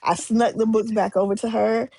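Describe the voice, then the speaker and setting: Animated woman with a raspy, gravelly voice. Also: fairly high pitch, normal speed, no echo, clean studio sound. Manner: animated, acts out quoted voices, many restarts. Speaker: romance author guest. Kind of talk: casual interview storytelling.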